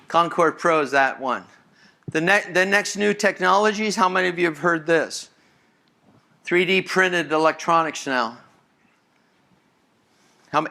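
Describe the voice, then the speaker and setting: A man's voice: on the high side, pushed and bright. A man giving a live conference talk as a senior engineer, enthusiastic and conversational, often repeating and restarting words. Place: conference hall with audience.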